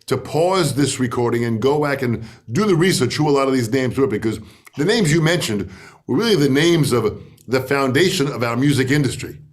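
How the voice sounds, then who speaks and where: Lively-voiced male interviewer. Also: mid-range voice, a little fast. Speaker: podcast host. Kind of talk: interview questions.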